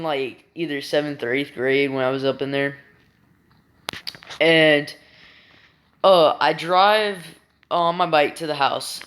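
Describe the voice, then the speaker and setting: Young man, vlogger, slow rambling storytelling, bright voice, frequent swearing. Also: fairly high pitch. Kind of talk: casual storytelling.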